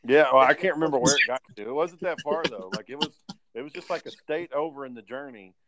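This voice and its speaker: A man's voice: mid-range voice, quick pace, heavy background noise. A man telling stories in a casual podcast chat, loose and profane.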